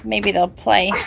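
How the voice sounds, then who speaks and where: A woman's voice: medium pitch, creaky, noisy background. A woman filming her puppies at home on a handheld camera, cooing at them in baby-talk. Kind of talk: home video narration.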